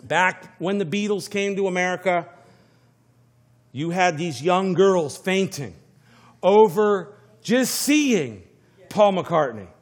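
A man's voice: high voice, expressive, slow. A male pastor preaching a sermon, emphatic and repeating key phrases for weight.

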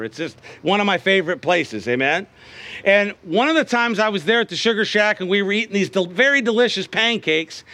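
A middle-aged male preacher with a high, bright voice, delivering a sermon. He tells homely stories and keeps checking in with the congregation. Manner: folksy storytelling, calls out "Amen?" to the congregation.

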